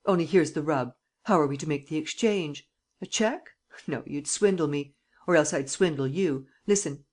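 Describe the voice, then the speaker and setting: An audiobook reader voicing a cunning, mocking gentleman thief who taunts and bargains, with a theatrical, triumphant manner. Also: mid-range voice, normal speed, close to an everyday voice. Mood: bargaining. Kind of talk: audiobook character reading.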